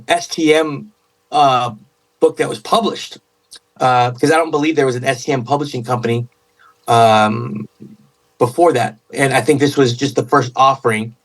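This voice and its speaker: A man, a podcast guest, telling a story in casual chat in an excitable, rambling way with many restarts. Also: mid-range voice, recorded from a distance, rough recording.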